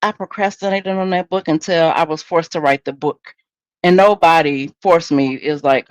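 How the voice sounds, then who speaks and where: A woman's voice: low voice, moderate pace, no room sound. A woman hosting a solo podcast in a candid, conversational, preachy way. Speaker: podcast host.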